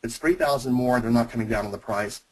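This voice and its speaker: A man's voice: mid-range voice, fast talker, a little hiss or hum, low-quality recording. A man presenting a sales webinar, speaking emphatically and addressing his listeners directly. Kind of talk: teaching webinar call.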